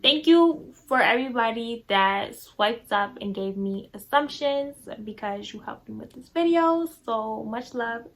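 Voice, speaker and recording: A woman's voice: a little high, measured pace, hardly any pauses, fairly bright tone, rough recording. A teenage girl talking casually to her viewers in a chatty, self-assured way. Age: teens. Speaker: vlogger. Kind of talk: casual vlog talk to camera.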